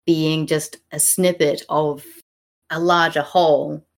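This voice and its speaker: A woman co-hosting a casual podcast chat about poetry, sarcastic and animated, with many fillers and restarts. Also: low voice, slow, gravelly. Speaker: podcast co-host.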